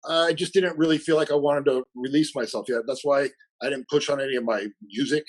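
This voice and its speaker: A man's voice: mid-range voice, fairly even intonation, brisk, low-quality recording. A man being interviewed as a coach, chatting casually and animatedly, acting out bits of dialogue and laughing often. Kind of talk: casual conversational storytelling.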